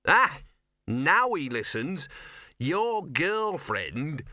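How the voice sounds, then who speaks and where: A man's voice: fairly high pitch, sing-song, very slow, sharp tone, no room sound, studio quality, pitched above the performer's own voice, full character voice. A man voicing a scruffy little talking dog who grumbles, sulks and talks smugly. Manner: grumbling, smug, self-pitying.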